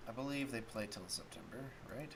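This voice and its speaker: A man's voice: medium pitch, fairly quick, background noise. A man hosting a solo sports talk stream, rambling casually and thinking aloud while he looks up stats. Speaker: sports talk show host.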